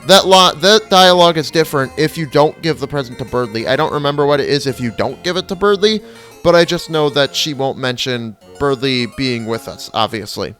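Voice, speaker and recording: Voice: medium pitch, animated, a little fast, a bit bright, soft background music. A gamer giving casual, offhand, slightly sardonic commentary while playing. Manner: chatty, offhand, a bit sardonic. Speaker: let's play gamer.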